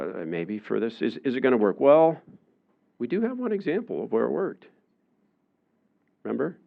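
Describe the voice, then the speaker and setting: A man giving a public lecture in a relaxed, conversational way, with many fillers, often acting out the voices of the people he quotes. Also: mid-range voice, gravelly, highs cut off. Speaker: university lecturer. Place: lecture room.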